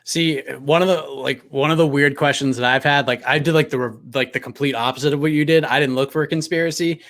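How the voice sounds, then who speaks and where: Higher-voiced male guest, wandering, thinking out loud. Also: fairly even intonation, fast. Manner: rambling, speculative, heavy on "like". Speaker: guest journalist. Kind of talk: casual sports talk chat.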